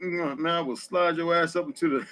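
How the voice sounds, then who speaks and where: A man's voice: fairly high pitch, fairly even intonation, normal speed, a bit bright. A middle-aged man hosting a casual live audio chat, blunt and profane as he tells stories. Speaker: host.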